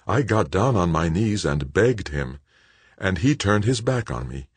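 A man voicing a bitter, vengeful woman in an audiobook, speaking in a cold, flat, hushed way. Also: low-pitched, unhurried, slightly rough, no echo, exaggerated voice.

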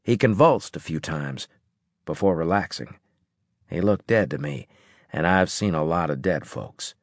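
A man reading a first-person science fiction audiobook in a gruff, clipped way. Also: low-pitched, expressive, unhurried, no echo, clean studio sound. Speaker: audiobook narrator.

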